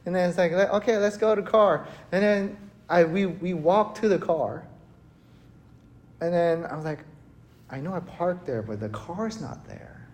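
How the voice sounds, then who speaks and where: A male pastor preaching a sermon in a church, telling a story with animated, acted-out panic. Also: sits high, unhurried. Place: church hall.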